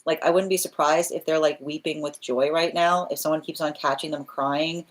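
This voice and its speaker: A woman's voice: low voice, fairly even intonation, normal speed. A woman giving a live tarot reading, earnest and repetitive, often restarting phrases and checking in with "right?". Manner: restarts phrases while thinking aloud. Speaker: tarot reader.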